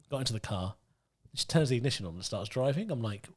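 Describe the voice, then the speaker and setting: A man's voice: lowish voice, lively intonation, fast talker, slightly rough. A man co-hosting a casual podcast chat, joking and bantering with his friend and telling stories. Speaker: podcast co-host.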